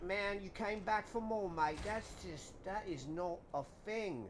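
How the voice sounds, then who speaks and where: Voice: medium pitch, a little hiss or hum, close to an everyday voice. A streamer doing a put-on British accent, rambling in mock outrage with heavy slang over live gameplay. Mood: mock-outraged. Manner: over-the-top slang, drawn-out indignant rambling. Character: exaggerated slangy Brit, adult, dramatic and mock-outraged.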